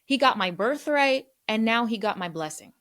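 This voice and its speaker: A woman's voice: fairly high pitch, expressive, moderate pace, a bit bright. A woman hosting a podcast, retelling and teaching scripture in a chatty, slangy way. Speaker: podcast host.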